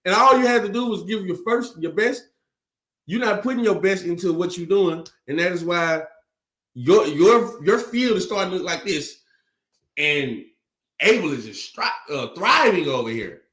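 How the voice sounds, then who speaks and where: A man's voice: high-pitched, lively intonation, normal speed, fairly bright tone. A man preaching emphatically in slangy, repetitive speech. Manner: emphatic, slangy, repeats words. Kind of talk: sermon teaching. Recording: echoey room.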